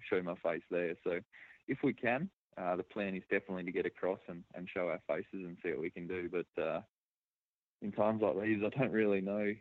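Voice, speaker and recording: An Australian man with a Western Australian accent talks casually as a guest. His voice sits low and comes through a narrow, phone-like line with no room sound. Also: no echo. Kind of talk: casual remote interview.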